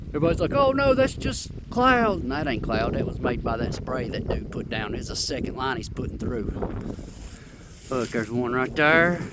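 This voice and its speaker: A man talking outdoors into a handheld phone, excitedly and insistently pointing things out as he walks up a hill. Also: mid-range voice, moderate pace, heavy background noise. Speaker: vlogger. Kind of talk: casual filmed commentary.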